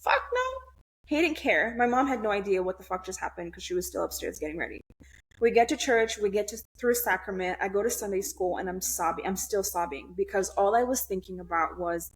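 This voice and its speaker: A woman's voice: mid-range voice, lively intonation, brisk. A young woman guest on a podcast, telling a personal story in a blunt, candid way, swearing freely and restarting her sentences.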